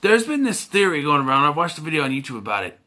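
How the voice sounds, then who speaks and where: A man's voice: a little high, big pitch swings, quick pace, bright, forceful tone. A man giving a casual, rambling movie review full of fillers and restarts.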